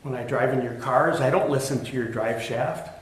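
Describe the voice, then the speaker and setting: A man's voice: medium pitch, fairly even intonation, moderate pace. A middle-aged male pastor giving a sermon, telling a personal story candidly with self-deprecating humor. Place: church sanctuary. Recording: echoey church with faint ambient noise.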